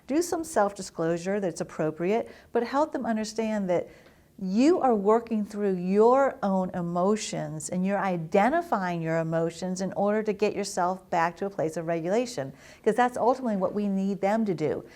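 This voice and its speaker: A woman's voice: medium pitch, animated, moderate pace, a little mellow. A middle-aged woman, a family therapist, explaining to parents in an earnest, instructive way. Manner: earnest, explanatory, acts out children's quotes. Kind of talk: educational talk to parents.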